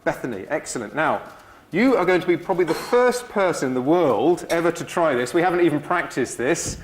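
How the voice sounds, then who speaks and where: Upbeat male science lecturer, higher voice. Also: big pitch swings, a little fast, slight background noise. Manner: upbeat, encouraging, addresses the audience. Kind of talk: live demonstration lecture. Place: lecture theatre with audience.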